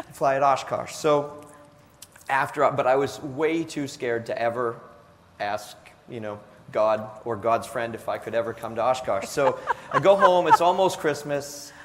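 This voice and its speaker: A man, an air show pilot, telling a personal story in an animated way, acting out the dialogue. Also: a little high, slight background noise. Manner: animated, acts out dialogue with lots of "I'm like". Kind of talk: storytelling speech. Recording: long hall reverb, faint room ambience.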